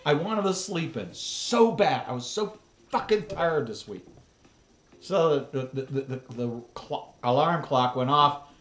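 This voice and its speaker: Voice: mid-range voice, animated, unhurried, roomy sound. A streamer giving sarcastic, worked-up reaction commentary on a cooking video, swearing often.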